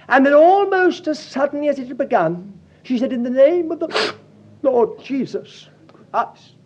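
High husky voice, guy preaching a sermon, tells stories, muffled old tape. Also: slight background noise. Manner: storytelling, animated, acts out quotes.

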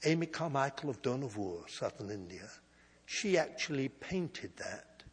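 Slow, husky preacher in a reverberant hall. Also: male voice, mid-range voice, very animated. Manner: storytelling, slow and emphatic with big swings in loudness. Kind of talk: sermon.

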